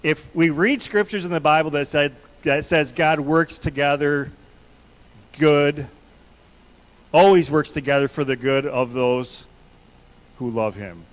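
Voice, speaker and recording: A man's voice: a little high, steady tone, a little slow, long pauses, low-quality recording. Earnest man preaching a sermon. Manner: earnest, conversational, repeats questions to the congregation. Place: church sanctuary.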